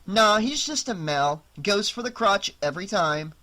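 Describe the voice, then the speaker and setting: A narrator voicing a brash, teasing teenage girl who talks loud and crude. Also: medium pitch, animated, normal speed, pitched above the performer's own voice. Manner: loud, brassy and mocking.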